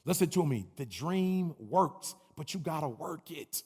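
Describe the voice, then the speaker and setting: A man's voice: on the high side, lively intonation, a little slow, few pauses, a little mellow, breathy edge. A man giving a rousing commencement speech as a motivational speaker, preaching with call-and-response chants. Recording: long hall reverb, faint music.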